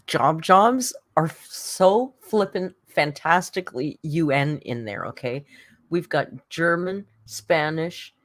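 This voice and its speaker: A woman's voice: low-pitched, a bit bright, rough recording. Woman, live stream host, casual chat, coos at her pet. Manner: chatty, coos baby talk to her cat.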